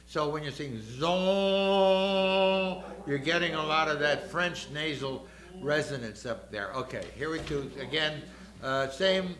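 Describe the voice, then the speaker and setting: A man's voice: mid-range voice, sharp tone. An older man directing a choir rehearsal, explaining the music and counting the singers in. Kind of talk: choral rehearsal instruction. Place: rehearsal room. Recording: echoey rehearsal room.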